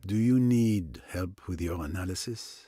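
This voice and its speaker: Poirot, a low, formal Belgian detective. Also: male voice, mellow, slightly rough, no echo, studio quality. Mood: courteous. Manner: formal, courteous, measured. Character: fastidious older male Belgian detective, polite. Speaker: detective questioning suspects. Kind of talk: video game voice acting.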